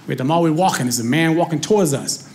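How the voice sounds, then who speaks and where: A man doing stand-up comedy on stage, telling stories in a conversational, animated way. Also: fairly high pitch, rapid-fire, a little hiss or hum. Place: comedy stage before a live audience.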